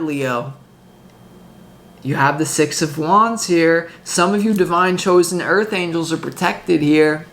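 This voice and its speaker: Intense tarot reader rambling on, restarts a lot, mid pitch, swears now and then. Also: fairly bright tone. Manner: swearing, emphatic. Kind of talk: casual tarot reading.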